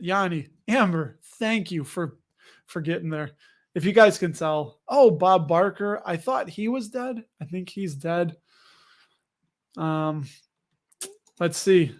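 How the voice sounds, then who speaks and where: A man hosting a casual chat about dividend investing, rambling with joking, sarcastic asides as he reads viewer comments. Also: high voice. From United States. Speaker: dividend investing channel host.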